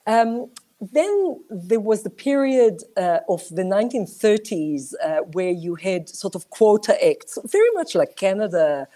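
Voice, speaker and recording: A woman with a mixed South African accent, a guest talking on a video call, expressive and searching for words. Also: medium pitch, measured pace. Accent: South African mixed with other languages. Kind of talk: casual interview over video call.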